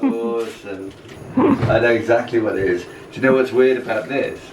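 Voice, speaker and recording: A man's voice: mid-range voice, quick pace, far from the mic, very noisy. A man chatting casually and playfully in a home vlog, reading a riddle aloud. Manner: playful, reads a clue aloud. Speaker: vlog co-host. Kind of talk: casual chat.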